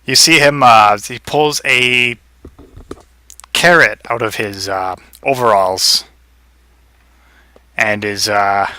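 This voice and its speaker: Man game master, slow unhurried delivery, bright tone, dry close mic. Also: lowish voice, smooth, dry recording. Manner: relaxed, chuckling, loose narration with fillers. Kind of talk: narrating a tabletop game.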